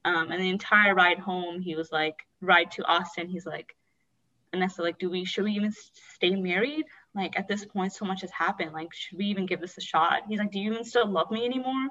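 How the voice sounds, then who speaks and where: A woman's voice: fairly low pitch, fairly even intonation, fairly quick, sharp tone, distant mic, dull audio. Woman telling a painful personal story. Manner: candid, rambling, many "like"s. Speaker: guest sharing her story.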